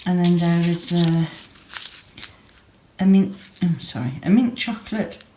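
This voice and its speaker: A woman in her thirties talks through her vlog in a low, homely voice, sleepy and yawning. She gushes happily over little pretty things as she chats. Faint room noise sits behind her. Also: unhurried, warm tone. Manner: chatty, gushing over small pretty things. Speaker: yarn dyer and vlogger. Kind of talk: casual vlog chat. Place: home, craft room.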